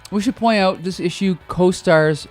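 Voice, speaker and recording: A man co-hosting a comic book podcast in casual chat, talking with a lozenge in his mouth and getting animated as he retells scenes. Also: high voice, moderate pace, faint music behind. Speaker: podcast co-host.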